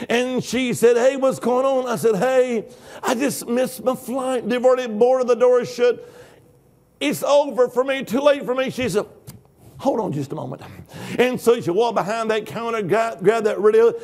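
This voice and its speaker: A high-pitched older man preaching a lively sermon. He swings between storytelling and shouted praise, acting out the voices in his tale. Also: moderate pace. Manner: exuberant, shouting hallelujahs, acting out dialogue. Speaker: guest preacher. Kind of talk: Pentecostal-style sermon.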